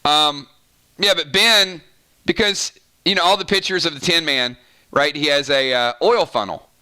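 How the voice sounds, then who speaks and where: A man's voice: fairly high pitch, normal speed, pushed and bright, clear, resonant tone. A man with a Southern American accent, hosting a casual live-stream chat and playfully arguing opinions with viewers. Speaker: gaming channel host.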